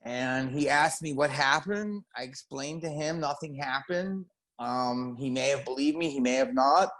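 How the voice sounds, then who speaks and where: A man, a comedian, telling an animated comic story over a video call with drawn-out pauses. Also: mid-range voice. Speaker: comedian guest.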